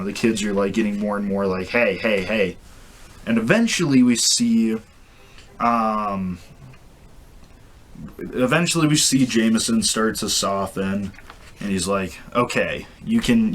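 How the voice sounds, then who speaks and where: A man with a lowish voice talks through a comic book story in a loose, casual way. He rambles, restarts his sentences and leans on fillers, and a faint hiss sits under the recording. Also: a bit bright. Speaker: comic reviewer.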